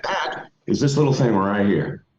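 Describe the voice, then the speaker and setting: A man's voice: on the low side, lively intonation, moderate pace. A middle-aged man giving motivational advice as a podcast guest, emphatic and folksy. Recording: roomy, dull lo-fi audio.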